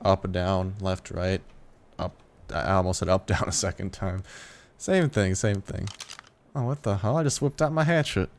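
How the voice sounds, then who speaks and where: A man's voice: sits low, moderate pace. Tired young man with casual gaming chatter. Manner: chatty, swears freely, rambling with restarts, yelps in surprise. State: tired late at night. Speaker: gaming youtuber. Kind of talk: casual let's play commentary.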